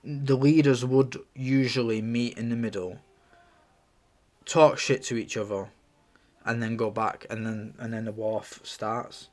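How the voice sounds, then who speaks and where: A screenwriter casually reading through his own screenplay and commenting on it in a relaxed, musing way. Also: mid-range voice, a little slow.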